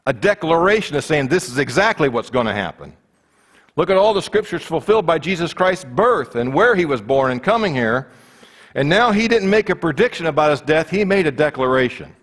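Male preacher, conversational sermon, slightly high voice, long reverb. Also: sing-song, fairly quick, a bit bright.

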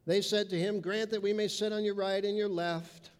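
A man's voice: high voice, steady tone, normal speed, smooth. A man preaching a sermon with emphasis, mimicking people's voices. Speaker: pastor. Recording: reverberant hall.

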